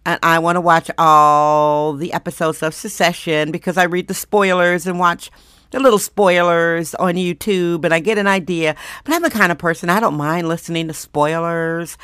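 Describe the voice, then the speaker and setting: A woman hosting her own podcast, talking bluntly and emphatically, her voice slightly hoarse from recent strain. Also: lowish voice, fairly even intonation, a bit bright, no echo, clean studio sound. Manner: blunt, emphatic, drawn-out stresses. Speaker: podcast host. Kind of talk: opinionated monologue.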